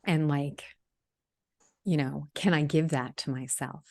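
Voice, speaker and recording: A woman hosting a casual, reflective conversation, asking gentle questions and musing thoughtfully. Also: low-pitched, fairly even intonation, a little slow, gravelly. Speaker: podcast host.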